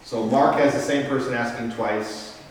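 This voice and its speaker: In a parish meeting room, a priest teaches Bible study at a moderate pace, his mid-range voice fairly even in intonation. He walks the group through things step by step in a casual way, frequently asking "Okay?". The distant mic catches an echoey room and a little hiss or hum.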